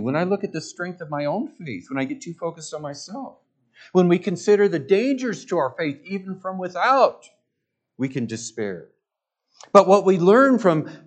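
A man preaching a sermon as pastor, earnest and emphatic, with repeated words and direct questions to the congregation. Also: high voice.

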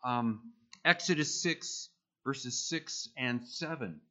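Slow, bright-toned male preacher. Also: mid-range voice, muffled recording. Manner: emphatic, repeats key phrases with rising force. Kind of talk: sermon.

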